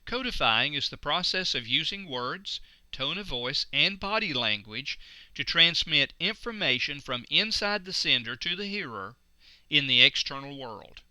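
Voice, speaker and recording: Male instructor, very bright and crisp, dry close recording, measured lecture delivery. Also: fairly high pitch, animated, no echo. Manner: slow, deliberate emphasis on key words.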